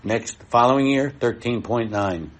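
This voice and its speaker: A man's voice: mid-range voice, a little slow. A middle-aged man giving a live expo presentation in a blunt, folksy way, talking straight to his audience.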